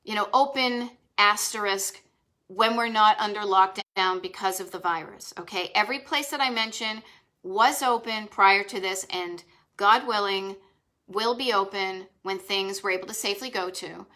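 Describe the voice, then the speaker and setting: A woman's voice: medium pitch, moderate pace, sharp tone. A woman with a Boston accent hosting a live stream, chatting with enthusiasm and rambling asides. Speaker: host of a retro travel live stream. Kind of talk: casual live-stream chat.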